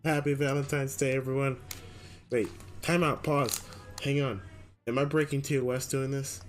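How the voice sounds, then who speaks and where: A man streaming live, chatting excitedly with viewers and swearing in loud outbursts. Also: medium pitch, moderate pace, slight background noise. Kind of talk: live gaming stream chat.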